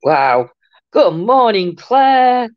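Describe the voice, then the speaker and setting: Brief: older woman, livestream host, giggly and warm-hearted chat, lo-fi dry mic. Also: a little high, sing-song, very slow, dry recording. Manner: chatty, greets viewers with endearments, giggly. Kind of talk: casual live chat reading comments. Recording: muffled lo-fi dry room sound.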